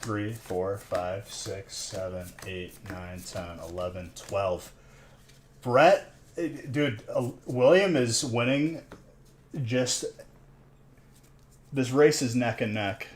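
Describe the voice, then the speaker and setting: A man with a fairly low, slow voice hosts a casual livestream, opening trading card packs and counting scores out loud. He jokes and banters with chat, saying "dude" a lot.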